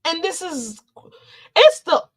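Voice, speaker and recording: A woman's very high-pitched, sing-song voice moves slowly through casual commentary. The vlogger rants in an exasperated, loud, and profane way.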